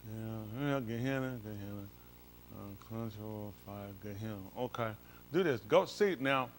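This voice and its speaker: A man's voice: on the low side, moderate pace, slight background noise. A male pastor leads an informal Bible study, comparing translations and coaxing someone along with repeated "come on.".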